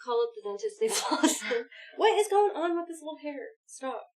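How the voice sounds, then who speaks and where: A young woman co-hosting a live stream, chatting loudly and excitedly, swearing and laughing a lot. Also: high voice, moderate pace, faint music behind. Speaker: livestream co-host. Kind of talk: casual stream chat.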